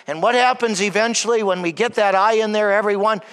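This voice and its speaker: A man preaching a sermon, emphatic, often calling out to "everyone", sometimes dropping to a soft hush. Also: high voice, fairly quick, clean tone. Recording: long hall reverb.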